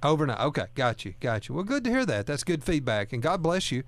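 A man's voice: fairly high pitch, big pitch swings, fast talker. A man hosting a talk radio show, speaking in a folksy, earnest way and often repeating words as he goes. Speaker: radio host.

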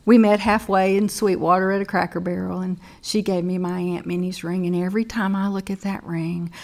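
A middle-aged woman teaching from the Bible and telling a personal story in earnest, slowing down to stress key points. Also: fairly low pitch, little pitch movement, creaky, darkish tone.

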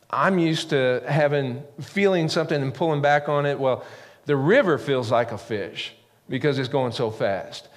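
A middle-aged man preaches and tells stories with lively energy, jumping into loud acted-out shouts. His voice sits a bit high for a man. A long reverb trails behind him, as in a large church hall. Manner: animated, acts out quotes with sudden high yells. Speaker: pastor. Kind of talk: sermon storytelling.

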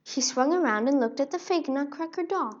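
A woman narrating a children's storybook in an expressive read-aloud way. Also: high voice, brisk. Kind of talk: storybook reading. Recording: dull lo-fi recording.

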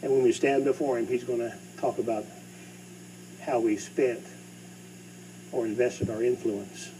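A middle-aged man preaching a sermon as pastor, swinging between loud bursts and hushed asides. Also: medium pitch, fairly even intonation, a little slow. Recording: distant mic with faint hum.

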